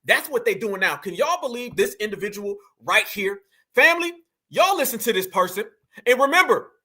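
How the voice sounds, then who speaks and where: Fired-up, high-voiced male commentator. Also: pushed and bright. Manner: heated, mocking, slangy, addresses viewers as fam. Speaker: commentary channel host. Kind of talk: reaction commentary.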